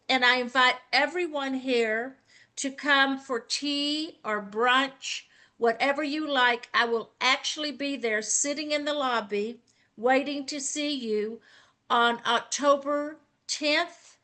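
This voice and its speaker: Slow, bright-voiced Southern American woman. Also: high voice. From Southern United States. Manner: gracious, effusive, drawling. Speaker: guest speaker. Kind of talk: slow, folksy online panel talk.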